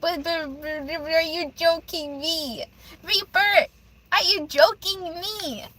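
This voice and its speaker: A woman's voice: very high-pitched, slow, sharp tone, low-quality recording. A young woman live-streaming a tarot reading, speaking emotionally, stammering and repeating herself. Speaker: livestreamer giving tarot readings.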